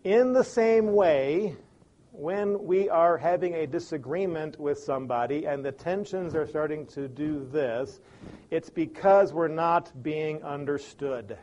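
A man from Chicago giving an animated motivational talk on communication, acting out examples with big swings in pace and loudness. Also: fairly high pitch, unhurried, dull audio. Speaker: speaker on communication.

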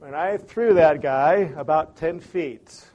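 Chicago guy doing a motivational talk, slightly high voice, acts out little scenes, speeds up and slows down a lot. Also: muffled recording. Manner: animated storyteller, big swings of pace and loudness. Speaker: speaker on communication. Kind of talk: lively motivational talk with acted-out examples.

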